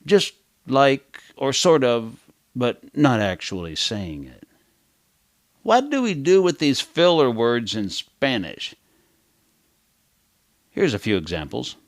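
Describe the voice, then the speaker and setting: A man's voice: mid-range voice, wildly swooping pitch, slow pace, long pauses, no room sound, clean studio sound. A man teaching a kids' language lesson in a playful, storytelling way.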